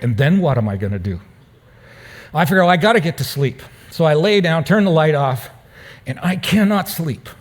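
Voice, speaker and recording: A pastor telling a personal story in a sermon, lively at times and turning quiet and hushed. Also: male voice, fairly high pitch. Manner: storytelling, animated, dropping to a hushed tone. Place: church.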